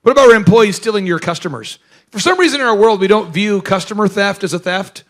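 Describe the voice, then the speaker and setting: Male workshop host: high, animated, jokey, quizzes the room. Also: fast talker. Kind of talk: energetic business workshop talk.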